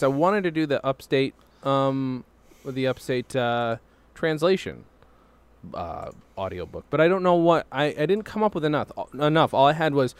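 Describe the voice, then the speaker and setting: A man joking his way through a casual podcast chat, speaking into a desk microphone. His pitch rises and falls freely as he riffs, and he laughs often. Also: animated, normal speed, smooth, no echo. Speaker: podcast co-host.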